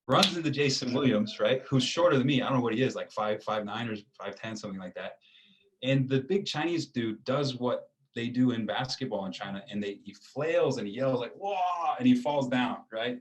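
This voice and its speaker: An American man in his thirties, telling a casual story as an interview guest, with a relaxed, rambling way of talking and lots of fillers. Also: mid-range voice, brisk, low-quality recording. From United States.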